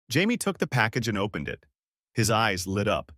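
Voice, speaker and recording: A man's voice: fairly low pitch, huge pitch swings, moderate pace, bright, forceful tone, dry recording, clean studio sound. A man narrating a first-person story for an audiobook, in a wry storytelling manner.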